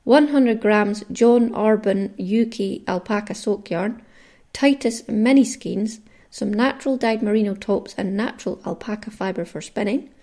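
A woman from Caithness, in Scotland's far north, hosts her own podcast with a Caithness accent, chatting casually on her own and reading out lists of listener names. Her voice is medium in pitch, a little slow, and dark in tone.

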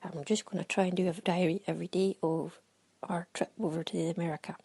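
Chatty Scottish woman with a gravelly voice. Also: lowish voice, little pitch movement, fast, warm tone, rough recording. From Scotland. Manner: chatty, laughing, breaks into quoted exclamations. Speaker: audio diarist. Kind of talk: casual travel audio diary.

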